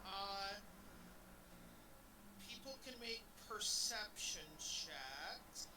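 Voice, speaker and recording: High-voiced halting game master. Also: male voice, animated, bright, forceful tone, distant mic, a little hiss or hum, rough recording. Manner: halting, full of uhs. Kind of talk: narrating a tabletop game.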